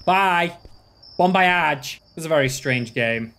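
Gaming guy goofing around with commentary, fairly high voice, pokes fun at himself. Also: animated, slow pace, a bit bright. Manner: joking, self-mocking commentary. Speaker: gaming channel host. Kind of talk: playing a game with commentary.

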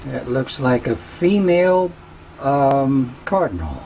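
A man hosting a casual home video, folksy and playful, who drifts into gentle preaching. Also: mid-range voice, big pitch swings, slow pace, creaky, a little hiss or hum, poor audio. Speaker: video host.

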